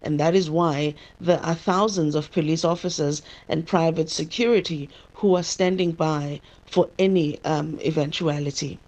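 Conversational woman reporter, lowish voice. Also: fairly even intonation, moderate pace, few pauses, darkish tone. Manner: conversational, many fillers. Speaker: field reporter. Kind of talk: live news report.

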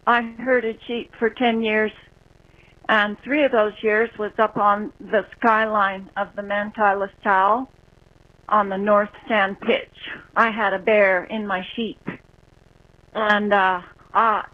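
Female caller, unhurried halting delivery, phone-line sound. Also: mid-range voice, level tone. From Utah, US. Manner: slow, halting, with fillers. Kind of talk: telling a story on a call-in line.

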